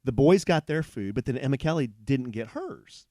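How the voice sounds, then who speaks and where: A man's voice: mid-range voice, moderate pace, no room sound, studio quality. Man telling a rambling story. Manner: animated, rambling storyteller with restarts. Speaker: podcast co-host. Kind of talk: casual storytelling chat. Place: hotel room, on a bed.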